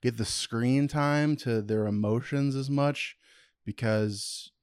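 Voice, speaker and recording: A man's voice: medium pitch, takes it slowly, darkish tone, clean tone, no room sound, clean studio sound. A man co-hosting a podcast in casual chat, laid-back and a bit hesitant, searching for his words as he talks. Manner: laid-back, hesitant, many fillers and restarts. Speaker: podcast co-host.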